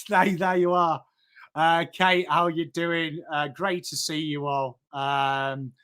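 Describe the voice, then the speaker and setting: Chatty English host with a Yorkshire accent, fairly high voice, laddish and informal. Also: male voice, fairly bright tone. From England. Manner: chatty and matey, greets chat by name, swears. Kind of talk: live-stream sports chat.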